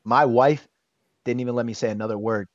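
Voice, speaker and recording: A man's voice: medium pitch, a little fast, no echo. Candid man telling a story. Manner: animated, candid storyteller who swears casually. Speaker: interview guest. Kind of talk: casual storytelling. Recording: dull, dry sound.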